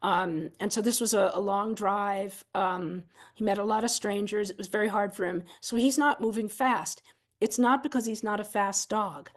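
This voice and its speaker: A woman instructor talks a seminar audience through video clips in a relaxed, conversational way. Her voice sits at an ordinary middle pitch, and she explains patiently with casual fillers. She is candid and often pokes fun at her own mistakes. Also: moderate pace. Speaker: dog sport instructor giving a seminar talk.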